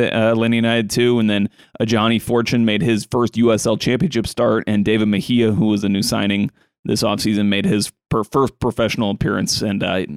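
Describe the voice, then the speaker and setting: A man's voice: fairly low pitch, clean tone, no echo, clean studio sound. A male podcast host talking casually about a soccer match, with frequent fillers and restarts, and reading quotes from a sheet.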